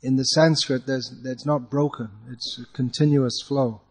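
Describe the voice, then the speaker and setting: A man teaching a class to chant Sanskrit verse, correcting pronunciation patiently and chanting lines slowly as an example. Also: mid-range voice, steady tone, darkish tone, big-room sound.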